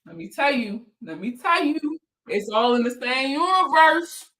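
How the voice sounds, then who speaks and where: Woman host, casual live chat, bright and forceful tone, slangy and profane, quick to laugh, answers viewer comments. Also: high-pitched, animated, poor audio. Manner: slangy, swears freely, laughs often; reads viewer comments aloud and answers them. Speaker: financial counselor hosting a live chat.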